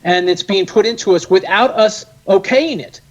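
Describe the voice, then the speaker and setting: A man speaking as a guest in a casual interview, animated, emphatic and sarcastic. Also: high voice, moderate pace, highs cut off.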